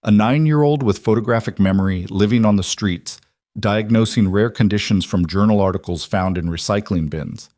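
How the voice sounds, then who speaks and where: A man narrating a scripted story in a steady, even delivery. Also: on the low side, moderate pace, no room sound, studio quality.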